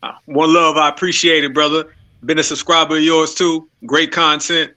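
A man appearing as a guest on a podcast, hyped and energetic in casual banter. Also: on the high side, moderate pace. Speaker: guest YouTuber.

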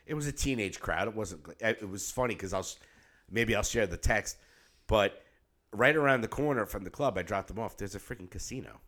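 A middle-aged man with a somewhat low voice, co-hosting a podcast. He talks in a loose, rambling way and swears freely. He sounds tired. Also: brisk, fairly bright tone. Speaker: podcast co-host. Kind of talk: casual chat.

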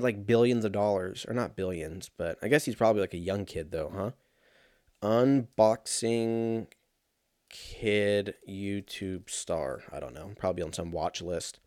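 A man's voice: medium pitch, no room sound, clean studio sound. A man in his thirties in casual solo commentary, rambling and sarcastic, swearing often and laughing at his own jokes. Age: 30s.

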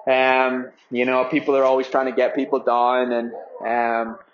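A man's voice: medium pitch, completely flat delivery, normal speed, lo-fi sound. A young man from Ireland, a marathon runner, talking casually with lots of fillers and free swearing. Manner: rambling, filler-heavy, swears freely. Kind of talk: casual spoken update.

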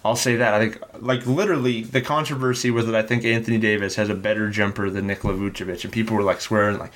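A man's voice: fairly low pitch, steady tone, fast, a bit bright. A Canadian man co-hosting a casual sports podcast, telling rambling, wry stories full of "like". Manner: wry, rambling storyteller with filler likes. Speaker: podcast co-host.

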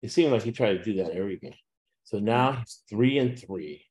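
A man hosting a sports betting podcast, talking casually and loosely, with lots of "uh" fillers and quick laughs. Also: fairly low pitch, animated, a little mellow. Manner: rambling, frequent "uh" fillers, laughs at own jokes. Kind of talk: casual chat with picks.

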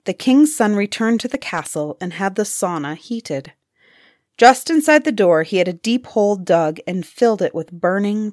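Woman storyteller, slow and deliberate, expressive, dry close sound, mid-pitched. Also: no room sound. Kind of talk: storybook reading.

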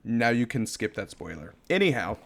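A man co-hosting a podcast in casual chat, animated and quick to laugh and apologize. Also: mid-range voice, creaky. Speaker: podcast co-host.

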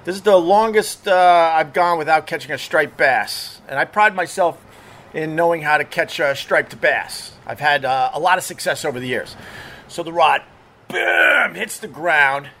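A middle-aged man who used to be a radio DJ tells casual stories in a rambling, profane monologue packed with fillers and restarts. His voice sits on the high side with a fairly bright tone, and he talks at a moderate pace.

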